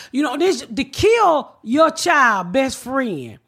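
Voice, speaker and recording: A woman's voice: high-pitched, measured pace, vocal fry, hardly any pauses. A woman comedian hosting a casual chat, telling profane stories and acting out the quotes. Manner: profane, animated storyteller who acts out quotes. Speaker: comedian host.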